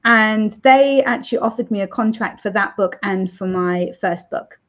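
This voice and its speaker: A woman author chatting in an interview, laughing often and filling pauses with ums. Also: mid-range voice. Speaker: romance author, interview guest. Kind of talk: casual interview chat. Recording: dull lo-fi sound.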